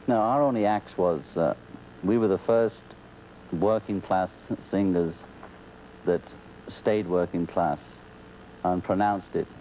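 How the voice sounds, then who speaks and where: A man from England with a Liverpool accent, a talk show guest chatting in a relaxed, wry way and laughing often. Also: low voice, takes it slowly, pauses often, slight background noise, rough recording. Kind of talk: casual talk show chat. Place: television studio.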